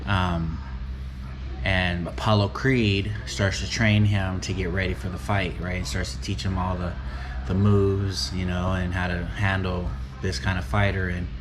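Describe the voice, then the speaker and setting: A man's voice: sits low, little pitch movement, a little slow, noisy background. A man talking casually and reflectively as a motivational vlogger, rambling and tagging his points with "right?". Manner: rambling, keeps asking "right?".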